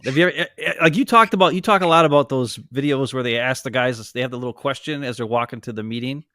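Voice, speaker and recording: A man co-hosting a casual sports chat, rambling and animated, breaking into goofy voices now and then. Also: mid-range voice, fast, no echo, clean studio sound. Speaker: podcast co-host. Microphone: home streaming setup.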